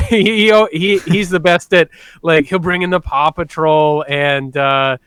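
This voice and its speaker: Lively bright-voiced man on podcast. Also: fairly high pitch, unhurried, smooth, dry recording. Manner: animated storyteller, laughs often. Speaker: podcast co-host. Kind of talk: casual podcast chat.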